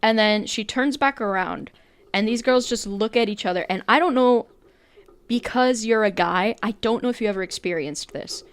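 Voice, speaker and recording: A woman's voice: on the high side, normal speed, clear, resonant tone. A young woman co-hosting a podcast, telling stories in casual chat, blunt and rambling and swearing freely. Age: young adult. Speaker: podcast co-host.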